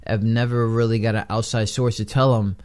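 A man's voice: flat delivery, a little fast, clear, resonant tone. A man hosting a casual interview chat, swearing freely and often laughing. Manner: loud, profane, laughing rants with swings in pitch. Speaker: podcast host.

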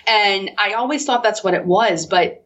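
A woman's voice: medium pitch, normal speed, fairly bright tone. A woman co-hosting a podcast, talking casually and thoughtfully and laughing often. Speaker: podcast co-host. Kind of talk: casual conversation. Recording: dull, slightly noisy line.

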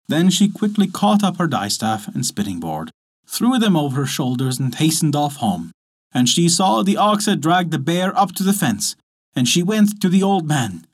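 A man narrating a folk tale as storyteller, lively and expressive. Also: a little high, normal speed. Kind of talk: scripted narration.

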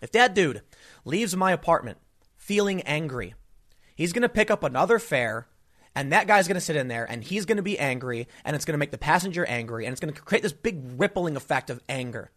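A man's voice: on the high side, expressive, a little fast, a bit bright. A man giving an emphatic, indignant opinion monologue, telling stories with frequent restarts. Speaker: political commentator.

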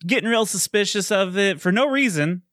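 A man casually retelling a film plot in chat, animated and quick to laugh. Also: high-pitched, dry recording, clean studio sound. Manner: animated storytelling, laughs often. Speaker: podcast co-host recapping a film.

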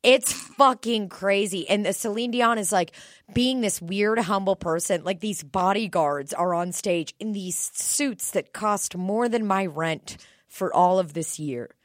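A young woman in casual chat on a podcast, telling an animated story and swearing freely. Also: medium pitch, a little slow, no room sound, clean studio sound.

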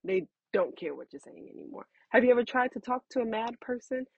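A woman in her thirties talks through parenting advice in a frank, chatty way. Her voice is slightly husky, and the recording is dry and a little muffled. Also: fairly high pitch, lively intonation, brisk, no echo. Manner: frank, conversational, addresses listener as honey and baby. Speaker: parenting talk host. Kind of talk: casual advice talk.

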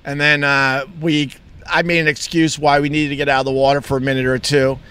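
A man's voice: medium pitch, flat delivery, a little fast, bright, forceful tone, clean tone. A middle-aged man from Long Island talking candidly in a rambling, casual monologue, swearing freely. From Long Island, New York. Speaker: vlogger.

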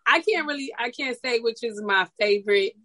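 A woman's voice: a little high, lively intonation, normal speed, fairly bright tone. A woman co-hosting a casual chat, hesitant and repeating herself as she searches for words. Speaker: podcast co-host. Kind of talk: casual chat about TV shows.

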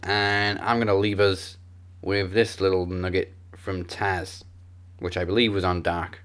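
Man, podcast host, low voice, steady announcement delivery. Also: a little slow. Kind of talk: podcast sign-off and plugs.

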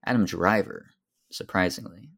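A man with a deep, gravelly voice talks through a film on a podcast. He pauses often and fills gaps with "um" and "like" as he works out his thoughts. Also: fairly bright tone. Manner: thoughtful, hesitant, many fillers. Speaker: podcast co-host. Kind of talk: casual film discussion.

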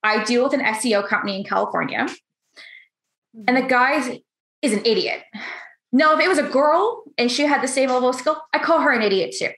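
A woman's voice: sits high, brisk, fairly bright tone. Blunt, hungover woman in a roomy echo. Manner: blunt, candid, swears freely; acts out others' lines in quoted voices. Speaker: roundtable guest. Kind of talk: casual chat.

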